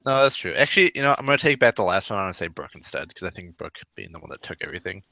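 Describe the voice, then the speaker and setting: Bright-voiced man rambling in group chat. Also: low-pitched, sing-song, very fast, gravelly, no room sound, dull audio. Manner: rambling, many fillers and restarts. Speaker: podcast co-host. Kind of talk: casual group chat over voice call. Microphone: computer mic on a voice call.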